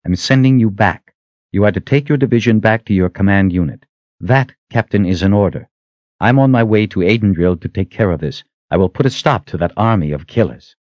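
A man voicing a stern, protective woman leader who gives firm, measured orders in an audiobook. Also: lowish voice, darkish tone, no echo, muffled recording, pitched above the performer's own voice, lightly acted. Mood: commanding.

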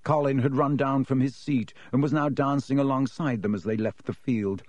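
Male audiobook narrator, expressive, dry close recording. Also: medium pitch, normal speed, no echo. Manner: reads expressively, voices each character.

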